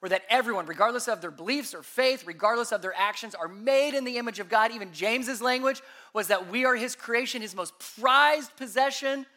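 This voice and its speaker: A man preaching a sermon as pastor, emphatic, asking rhetorical questions, his voice rising and dropping sharply in loudness. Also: high voice, fast.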